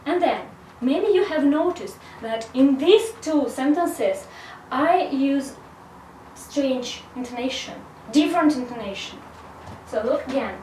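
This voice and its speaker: High-voiced woman teaching in an echoey room. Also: lively intonation, noisy background. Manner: slow, careful explanation with frequent "so". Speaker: English teacher. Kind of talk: video grammar lesson. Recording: echoey room, mic at a distance.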